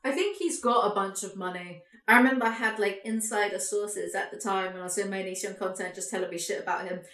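A woman hosting a podcast, ranting in a casual chat, animated, sweary and sarcastic. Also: mid-range voice, fast talker, echoey room. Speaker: podcast host, YouTuber.

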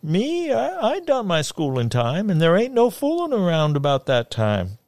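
A man's voice: high voice, wildly swooping pitch, normal speed, darkish tone, no echo, voice pushed up, heavily acted. A man voicing a chubby, folksy old backwoods man who talks in a sing-song drawl and stammers as he goes, in a dry, close recording.

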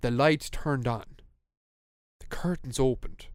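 Young irish guy telling a story on a podcast, keeps laughing and restarting, clear voice, dry close mic. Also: medium pitch, slow, no room sound. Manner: animated, laughing, many restarts. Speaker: podcast co-host. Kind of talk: casual storytelling chat.

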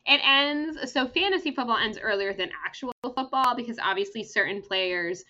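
A woman's voice: on the high side, expressive, normal speed, bright, forceful tone, muffled recording. An American woman co-hosting a podcast in casual chat, rambling with lots of fillers and frequent laughter. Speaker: podcast co-host.

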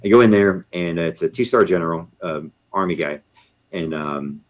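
A middle-aged man, a podcast guest, telling a long anecdote in a casual, animated way, with many fillers and frequent laughs. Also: low-pitched, moderate pace. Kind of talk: casual storytelling.

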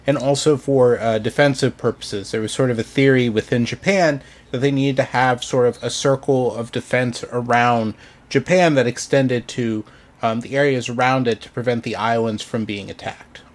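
A man's voice: medium pitch, fairly even intonation, normal speed. A man co-hosting a podcast, explaining history in a casual, hesitant way, full of ums and "sort of". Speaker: podcast co-host presenting history.

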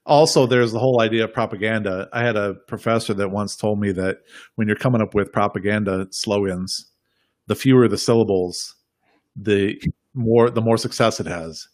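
Man, lowish voice, dry close sound; rambling, emphatic podcast guest. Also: fairly even intonation, moderate pace, no echo. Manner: rambling, emphatic, repeats himself. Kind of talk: casual political chat.

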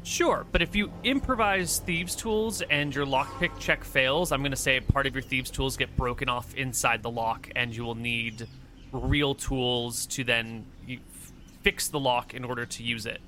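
A man acting as game master, narrating a tabletop game over an online voice call in a relaxed, joking way with long run-on sentences. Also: medium pitch, unhurried, a little hiss or hum.

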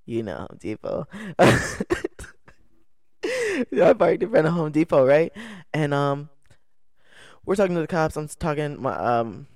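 A man's voice: on the high side, expressive, unhurried, pauses often, a little mellow, no room sound, studio quality. A young man, a podcast co-host, telling a story in casual chat, rambling and restarting his sentences and laughing along the way. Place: indoor podcast setup.

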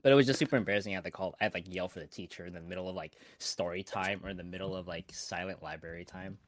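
A man's voice: low voice, rapid-fire, no echo. A young man telling a story on a casual podcast, rambling with lots of restarts. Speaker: podcast co-host.

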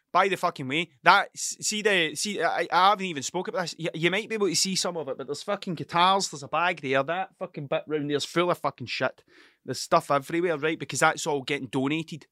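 A hungover young man rants in a restless, self-mocking ramble, with swearing in nearly every breath. His voice sits a little high and sounds bright and tense. The sound is dry and close, with no room around it. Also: a little fast, no echo. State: hungover and sleepless. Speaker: podcast host. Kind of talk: rambling casual monologue. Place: cluttered room at home.

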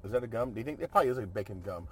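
A man's voice: on the low side, lively intonation, rapid-fire, fairly bright tone, breathy edge. A man chatting casually as a co-host, rambling and joking, often trailing off and restarting. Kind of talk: casual chat.

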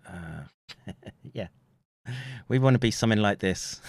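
A man with an English accent rambles through a livestream at a very unhurried pace, pausing to read out viewer comments and chuckling between remarks. His voice sits somewhat low, and it is recorded close and dry with almost no room sound. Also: expressive, gravelly, no room sound. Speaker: livestream host reading chat. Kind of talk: casual livestream chat.

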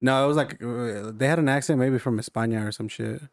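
A man's voice: medium pitch, brisk, dry recording, clean studio sound. A young man joking around in casual chat with friends, slangy and laughing.

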